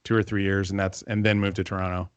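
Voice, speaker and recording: A man in his forties, a composer guest on a podcast, talking in a relaxed, meandering way with many fillers. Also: sits low, fast talker, clear, resonant tone, dry recording. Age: 40s. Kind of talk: casual interview chat.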